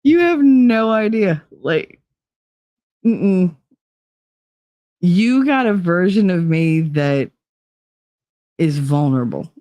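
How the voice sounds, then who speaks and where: A woman's voice: on the low side, lively intonation, slow pace, pauses often, mellow, dry recording. A woman with a New Jersey accent hosting a livestream, chatting casually with viewers in a blunt, profane, rambling way. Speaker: livestream host. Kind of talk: casual chat with live viewers.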